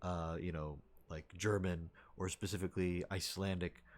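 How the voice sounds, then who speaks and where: A man's voice: sits low, fairly even intonation, normal speed. A man streamer chatting casually with his viewers, thinking aloud in rambling, restarting sentences.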